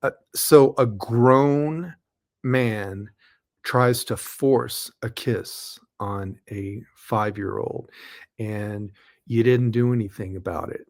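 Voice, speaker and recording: Man, pastor, blunt scolding commentary, slow deliberate delivery, mid-pitched voice. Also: a little mellow. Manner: blunt and scolding, speaks straight to the camera. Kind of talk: commentary on a played interview.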